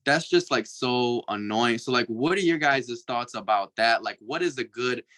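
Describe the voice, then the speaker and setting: A man's voice: mid-range voice, normal speed, a bit bright. A young man from Flint, Michigan, speaking as a youth panelist on a video call, telling stories animatedly and mimicking other people. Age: young adult. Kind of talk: casual panel discussion.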